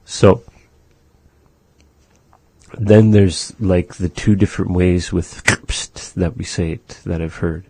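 A middle-aged man teaching a language in a relaxed chat, patiently repeating words to demonstrate their sounds. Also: deep voice, takes it slowly, long pauses, husky, no echo.

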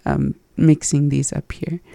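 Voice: mid-range voice, little pitch movement, a little slow, vocal fry, mellow, no room sound. A learner reviewing phrases from a language lesson, hesitant and laughing at their own slips.

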